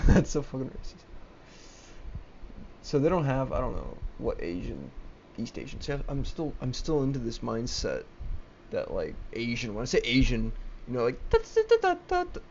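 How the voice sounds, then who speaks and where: This is a rambling rant to camera from a young man, agitated and profane, stumbling and restarting as he goes. His mid-range voice is sing-song with vocal fry, a darkish tone, and a moderate pace; the laptop webcam mic gives a muffled sound with a little hiss or hum.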